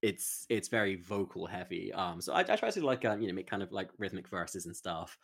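A man's voice: low-pitched, animated, brisk, gravelly, slightly rough. A man chatting as a podcast guest, rambling along with lots of fillers. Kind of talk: casual chat.

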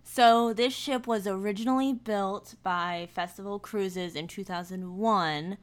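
Female podcast co-host, mid pitch, relaxed and hesitant. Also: a little slow. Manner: relaxed, hesitant, many um fillers. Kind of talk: casual podcast chat.

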